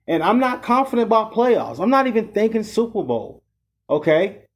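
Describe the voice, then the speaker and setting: A man's voice: sits high, a little mellow. A man hosting his own fantasy sports talk show, speaking casually and venting about losses, with many fillers and "okay?" checks. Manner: frustrated, repetitive "okay?" and "you know" fillers. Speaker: podcast host.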